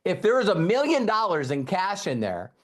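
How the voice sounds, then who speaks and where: A man in his fifties giving an energetic motivational training talk as a network marketing trainer, repeating key lines and quizzing his audience. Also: high voice, normal speed.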